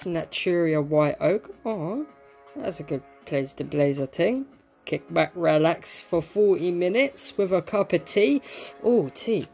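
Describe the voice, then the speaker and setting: A man's voice: on the high side, vocal fry, a little mellow. Laid-back swearing young man opening packs. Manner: laid-back, swears a lot, reads card names aloud. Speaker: card pack opening host. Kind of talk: casual pack-opening chat.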